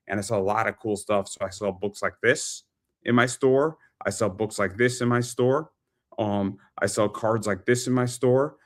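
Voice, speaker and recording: A man's voice: on the low side, a bit bright. A man hosting a pop culture interview show, chatting casually and plugging his store with lots of repetition. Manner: chatty, repeats phrases, salesy plugs. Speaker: podcast host and eBay seller. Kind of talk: casual talk-show chat.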